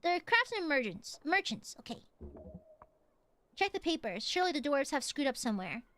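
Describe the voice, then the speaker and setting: A woman's voice: high-pitched, big pitch swings, normal speed, fairly bright tone. A woman streaming a video game, chatting casually in a playful, crude way and laughing often.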